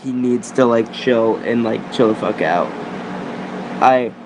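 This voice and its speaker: A man's voice: medium pitch, takes it slowly, noisy background. A young man ranting in a voice message, profane, exasperated and rambling.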